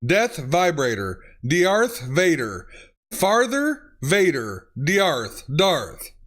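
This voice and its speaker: A man's voice: fairly high pitch, fairly bright tone. Laughing man reading texts aloud. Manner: laughs often, reads lines with swearing and exclamations. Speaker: YouTuber reading autocorrect fails. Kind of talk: comedic reading and reacting.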